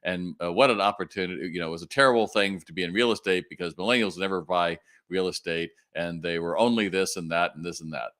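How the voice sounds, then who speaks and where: A middle-aged man hosts a live-streamed retail question-and-answer session. His voice sits somewhat low, but he speaks emphatically and keeps jumping up in pitch to voice quoted people or hammer home a point. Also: fast talker, hardly any pauses. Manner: animated and emphatic, jumps into a higher pitch to act out quotes and punch points.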